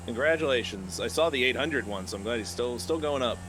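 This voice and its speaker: A man co-hosting a relaxed live game stream, chatting with a mid-range voice that keeps leaping upward whenever something excites him. He laughs often and sounds animated. A faint hiss sits under the voice. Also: medium pitch, brisk. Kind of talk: casual chat.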